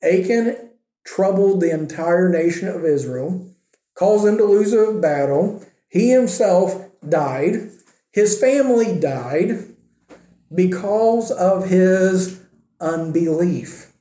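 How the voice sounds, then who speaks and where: A man preaches a sermon, and he acts out the quoted speakers in his own voice. His voice sits high and sounds mellow. The room around him is echoey. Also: animated, slow pace. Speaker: pastor.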